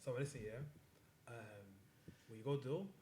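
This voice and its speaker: A young man with a playful, expressive manner, telling a story in a casual chat and acting out the people in it. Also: mid-range voice, normal speed, slight background noise. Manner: expressive, playful, acts out voices. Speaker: podcast co-host.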